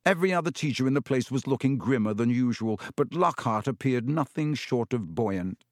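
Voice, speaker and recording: A man narrating an audiobook in an even, measured storytelling manner. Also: medium pitch, no echo, studio quality.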